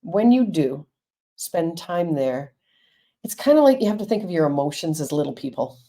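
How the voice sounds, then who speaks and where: A woman's voice: low-pitched, big pitch swings, normal speed, dark tone. A woman, a counselor and Reiki teacher, talking frankly and reassuringly to viewers in a live stream.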